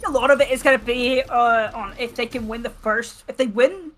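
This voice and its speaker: A young female esports analyst breaks down strategy, thinking out loud and restarting her sentences as she goes. Her voice is a touch high. Soft game music sits underneath. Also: normal speed. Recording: faint game music behind.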